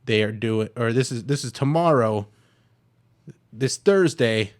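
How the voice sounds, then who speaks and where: A young man hosting a casual comedy podcast, telling a story with lively voiced-out dialogue. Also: mid-range voice, measured pace. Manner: animated storyteller acting out both sides of a dialogue. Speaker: podcast host.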